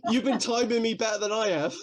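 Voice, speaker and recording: A man co-hosting a podcast, chatting casually, laughing often and trailing off quietly. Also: high-pitched, fast talker. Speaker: podcast co-host. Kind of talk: casual chat.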